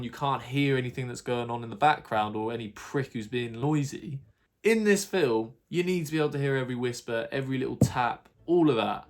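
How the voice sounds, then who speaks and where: A man's voice: mid-range voice, lively intonation, fast talker. A man telling an exasperated, sweary rant in a casual vlog monologue. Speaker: YouTuber.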